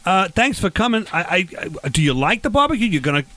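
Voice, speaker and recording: Fast-talking, rambling male comedy host. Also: high-pitched, big pitch swings, sharp tone, no echo. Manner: rambling, pushy, repeats himself. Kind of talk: improvised comedy banter.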